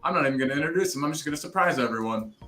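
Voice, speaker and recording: A man's voice: on the high side, very fast, pushed and bright. A man hosting a casual live-stream football show, chatty and upbeat. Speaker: host.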